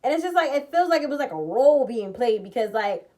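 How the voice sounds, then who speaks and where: A woman vlogger telling a personal story in a blunt, profane, animated way, jumping from loud outbursts to low muttering. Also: quick pace. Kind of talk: casual storytime vlog.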